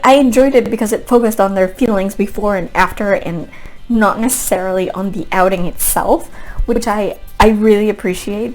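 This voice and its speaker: A woman vlogger talks through a book review in easy, casual chat, at a mid pitch. She gushes and rambles, restarting her sentences and laughing often. Soft music plays faintly behind her.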